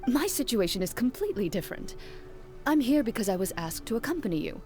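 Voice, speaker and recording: A cool, terse game huntress. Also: female voice, fairly high pitch, fast, faint music behind. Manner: calm, terse, dryly formal. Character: cool composed young woman hunter.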